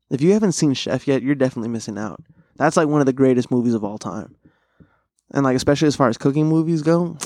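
With a mid-range, slightly mellow voice, this young man rambles through profane, slang-heavy food stories on his solo podcast. The close studio mic gives a clean, dry sound.

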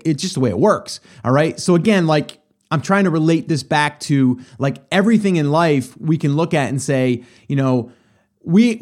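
Chatty middle-aged man, slightly high voice. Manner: conversational, many fillers and asides to listeners. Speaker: podcast host. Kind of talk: casual storytelling and business motivation talk.

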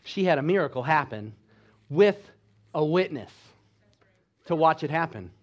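A man preaching a sermon with exhortations, swinging between loud emphatic lines and quiet low ones. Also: expressive, measured pace, muffled recording. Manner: exhorting, with call-and-response asides. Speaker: pastor.

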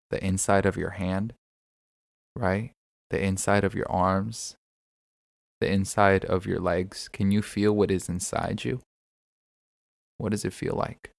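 A man's voice: fairly low pitch, vocal fry, dry recording, clean studio sound. A man hosting a solo podcast, talking reflectively and asking his listeners many questions, often repeating words as he gathers his thoughts. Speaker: podcast host.

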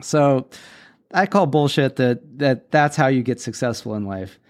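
A man's voice: medium pitch, lively intonation, a little slow, darkish tone. A man in his forties hosting a casual solo podcast, speaking candidly and bluntly with firm opinions. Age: 40s. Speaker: podcast host.

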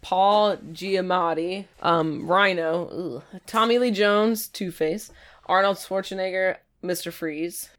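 A woman's voice: fairly low pitch, takes it slowly. A woman co-hosting a casual movie podcast in a playful, teasing way. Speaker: podcast co-host. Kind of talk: casual chat.

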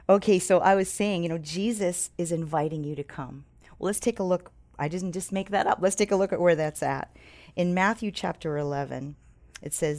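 Low-voiced woman pastor with gravelly fry. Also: normal speed. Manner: earnest, warm-hearted preaching with repeated restarts and scripture readings. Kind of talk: sermon with prayer.

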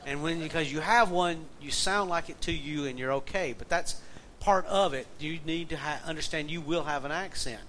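Southern pastor with a higher voice. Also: male voice, normal speed, a bit bright, poor audio. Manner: folksy storytelling, reads scripture aloud. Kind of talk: conversational sermon. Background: faint air conditioner hum.

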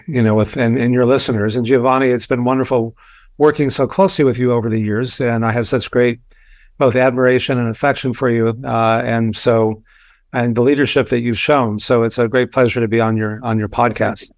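An older man from Texas, a physician guest telling stories in a relaxed, anecdotal way with many fillers and restarts. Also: medium pitch, normal speed, no room sound, studio quality. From Texas, USA. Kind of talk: conversational storytelling.

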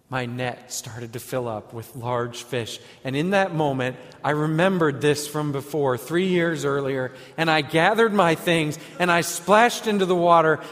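Guy doing a first person apostle monologue, kinda high voice, goes quiet then eager, big hall echo. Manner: storytelling, swinging between hushed and eager. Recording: echoey hall with long reverb.

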